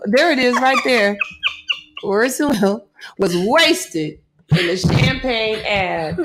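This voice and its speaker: A woman's voice: a little high, lively intonation, slow pace, background noise. A woman co-hosting a podcast in casual chat, laughing a lot and exclaiming. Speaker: podcast co-host.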